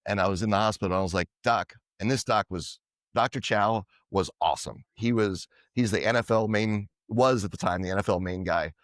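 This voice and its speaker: A man being interviewed as a podcast guest, telling lively anecdotes and acting out what others said. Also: fairly low pitch, brisk, no echo, clean studio sound. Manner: animated anecdotes, quoting others in dialogue. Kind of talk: casual storytelling interview.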